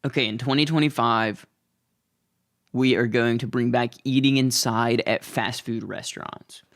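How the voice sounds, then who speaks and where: A man's voice: mid-range voice, steady tone, a little slow. A young man hosting his own show, talking in a casual, rambling, self-deprecating comedic monologue. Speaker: host.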